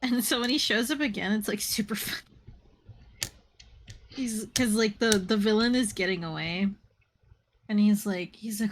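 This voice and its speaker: A woman's voice: mid-range voice, moderate pace, long pauses, a little hiss or hum. A woman chatting casually on a live stream, retelling movie scenes with lots of laughter and the odd swear word. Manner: animated storyteller, laughs often, swears casually.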